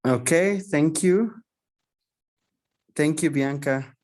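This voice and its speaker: Male host on a video call, casual and halting, repeats words, animated bursts. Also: a little high. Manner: halting, repeats words, laughs often, animated when excited. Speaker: community session host. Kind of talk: casual online session talk.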